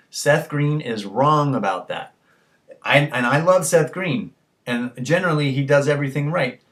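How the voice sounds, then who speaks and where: With a fairly bright voice on the high side, a tipsy man delivers a profane, rambling monologue to camera as a vlogger. It's a crude rant where the swearing never stops.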